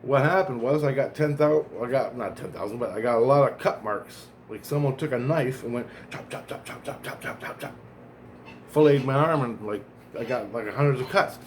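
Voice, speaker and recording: A man's voice: medium pitch, brisk, a little hiss or hum. A man vlogging, telling a long personal story in a rambling, profane way, often restarting and correcting himself. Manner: profane, digressive, self-correcting.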